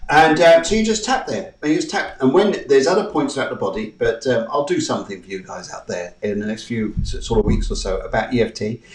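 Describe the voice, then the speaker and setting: A man hosting a live-streamed spiritual talk show, walking listeners through tapping affirmations in a soft, coaxing way. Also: mid-range voice, expressive, brisk, few pauses, roomy sound, far from the mic. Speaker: host.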